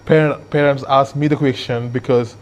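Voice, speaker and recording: A man hosting an interview, asking questions in an earnest, halting way with frequent restarts. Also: mid-range voice, steady tone. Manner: hesitant, many fillers and restarts, earnest. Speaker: podcast host. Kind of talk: casual interview. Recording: slightly dull lo-fi audio.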